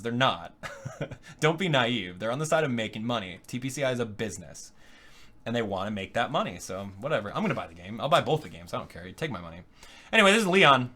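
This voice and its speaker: A man hosting a casual video game reaction, joking and laughing often, with quick rambling asides and quieter mumbling while he browses. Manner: drops to low mumbling while clicking around. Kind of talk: casual live reaction commentary.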